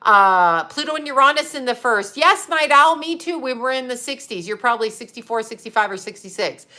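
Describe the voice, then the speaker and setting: A woman's voice: fairly high pitch, lively intonation, fairly quick, bright, forceful tone. A woman in her fifties who hosts as a psychic and astrologer, chatting casually on a livestream, reading viewer comments, blunt and profane, laughing often. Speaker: psychic medium and astrologer host.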